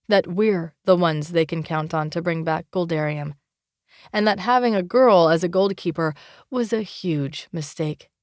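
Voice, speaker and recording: A woman's voice: lowish voice, a little mellow, no echo, studio quality, close to an everyday voice. Woman voicing a scornful young rival man. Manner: angry, contemptuous.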